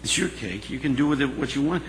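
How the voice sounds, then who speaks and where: A man voicing a weary, shy woman who pleads softly, in an echoey hall. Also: mid-range voice, steady tone, rapid-fire, slight background noise, close to an everyday voice. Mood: timid pleading. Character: weary, tender woman street worker, hurt and shy.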